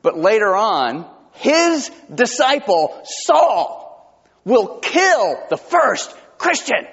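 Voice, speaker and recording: A man preaching a sermon as pastor, emphatic and animated, often restarting his sentences. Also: sits high, very slow, husky. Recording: dull lo-fi sound with long hall reverb.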